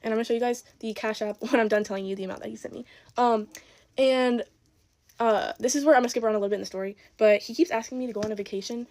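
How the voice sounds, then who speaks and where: An eighteen-year-old woman rattles through a casual storytime at a quick clip. Her voice sits a little high, and she sounds exasperated as she quotes other people in her own voice. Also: darkish tone, slight background noise.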